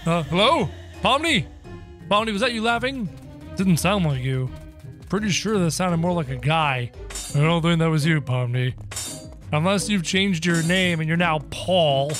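Playful man doing lively game commentary. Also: a little high, moderate pace. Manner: animated, playful, prone to sudden yelps and shouts. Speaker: gaming video creator. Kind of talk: excited gameplay commentary, in character as the game hero. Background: game music.

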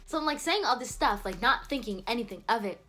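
Talking fast with lively intonation, a teen girl recounts a story for her vlog in a slightly high, pushed, bright voice. She's casual and chatty, fills her speech with "like," and laughs a lot.

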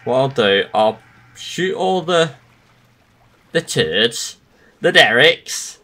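Guy gaming, bright voice, slow mutters then shouty bursts at the monsters. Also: medium pitch, very animated. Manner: mutters to himself, then yells insults at enemies. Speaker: gamer. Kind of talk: gameplay commentary.

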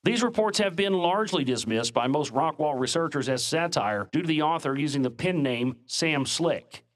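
A man with a somewhat higher-than-usual voice delivers scripted documentary narration. He reads in a measured, dramatic manner, as if recounting old accounts of strange discoveries. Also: a bit bright.

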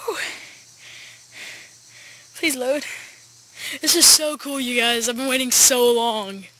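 A male gaming YouTuber giving excited, chatty gameplay commentary from his backyard, talking straight to viewers. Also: very high-pitched, slow pace. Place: backyard, outdoors.

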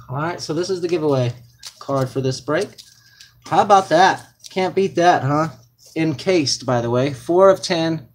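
Young male card-break host, excitable and chatty, slightly high voice. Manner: excited, hyped-up, talks to viewers as "guys" and "man". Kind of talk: live card break commentary.

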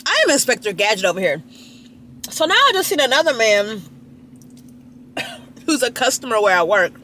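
Gossipy woman with lively pitch. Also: moderate pace, a little hiss or hum. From Dallas, Texas. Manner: gossipy and chatty, swooping pitch jumps. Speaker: lifestyle vlogger. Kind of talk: casual chatty vlog talk to camera. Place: at a restaurant, people watching.

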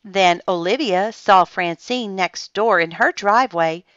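Casting: woman narrating a kids' picture book, slow and lively, bright voice, dry dull recording. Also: medium pitch, no room sound. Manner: expressive, unhurried narration. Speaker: storybook reader. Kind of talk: reading a children's picture book aloud.

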